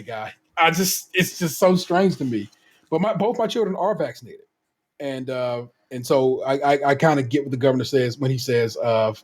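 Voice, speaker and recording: A man in his thirties, telling a story in casual podcast chat, animated and profane, acting out what people said. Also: a little high. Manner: animated, profane, acts out quotes. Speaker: podcast co-host.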